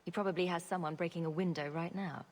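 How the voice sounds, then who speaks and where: Matter-of-fact heroine voiced by a woman, dry wit, husky, lowish voice. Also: steady tone, quick pace, a little mellow, natural voice.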